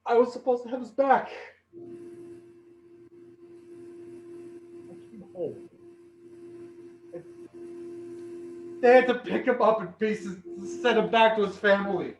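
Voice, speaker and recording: An actor playing a bitter male veteran who lost a leg, defensive and at times breaking into anguished shouting, in an amateur virtual stage play. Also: sits high, fairly even intonation, a little fast. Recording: echoey room with faint noise.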